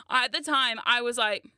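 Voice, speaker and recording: A thirty-something woman rambles through a casual livestream chat. Her fairly high voice is bright and dry close to the mic, and she swears freely and teases herself between bursts of laughter. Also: animated, unhurried, dry recording. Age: 30s. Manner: rambling, swearing, self-mocking, frequent laughs. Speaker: VTuber streamer.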